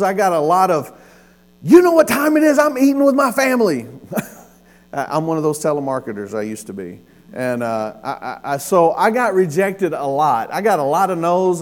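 A man, preaching a sermon and telling a personal story with lively, acted-out dialogue. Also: fairly high pitch. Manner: storytelling, animated with laughs and acted-out quotes. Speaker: pastor.

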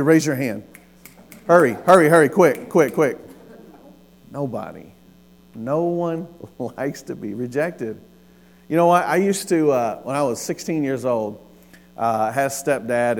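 A man, preaching a sermon and telling a personal story with lively, acted-out dialogue. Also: mid-range voice. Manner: storytelling, animated with laughs and acted-out quotes. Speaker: pastor.

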